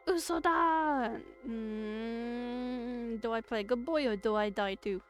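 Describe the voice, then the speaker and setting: A woman streaming, reading a story game aloud and reacting with jokes and loud outbursts. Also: fairly high pitch, slow, soft background music. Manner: animated, joking, bursts into loud outbursts and laughter.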